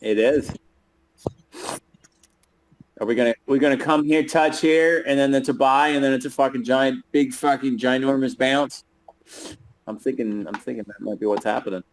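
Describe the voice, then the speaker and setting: A man's voice: medium pitch, steady tone, normal speed, pauses often. A man co-hosting a casual live call, laughing often and swearing freely. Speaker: co-host of a chart analysis call.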